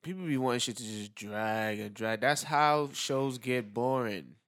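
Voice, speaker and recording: A man's voice: mid-range voice, unhurried, fairly bright tone, smooth. A man co-hosting a podcast in casual chat, chiming in with brief, laid-back remarks. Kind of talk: casual pop-culture chat.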